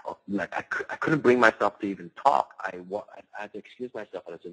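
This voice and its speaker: Low husky-voiced man giving a webinar. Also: fast, few pauses, poor audio. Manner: loose and conversational, many "you know" fillers. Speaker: martial arts studio owner presenting a business webinar. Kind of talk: casual spoken webinar lecture with personal stories.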